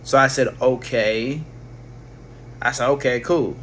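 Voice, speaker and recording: A man's voice: mid-range voice, steady tone, a little slow, fairly bright tone, a little hiss or hum. A man casually telling a personal story, rambling with slang, swearing and frequent restarts. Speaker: vlogger.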